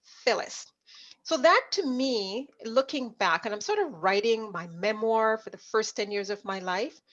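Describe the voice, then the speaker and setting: A woman's voice: on the high side, unhurried. A middle-aged woman from Jamaica, a leadership coach, telling stories from her life as an interview guest and acting out remembered dialogue. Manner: animated storyteller, acts out remembered dialogue. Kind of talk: conversational storytelling interview. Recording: dull lo-fi audio.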